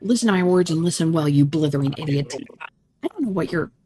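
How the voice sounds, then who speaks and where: Fast-talking and expressive, this woman's warm voice sits low. She hosts a gaming channel and performs the game's dialogue in a let's-play, shifting dramatically from one character voice to another.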